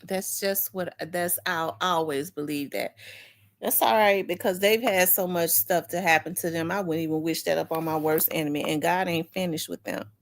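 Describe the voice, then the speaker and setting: A woman's voice: lowish voice, normal speed, slight background noise. A woman talk show host casually telling a personal family story, acting out her relatives' voices with frank, emotional delivery. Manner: animated, acts out family members' voices.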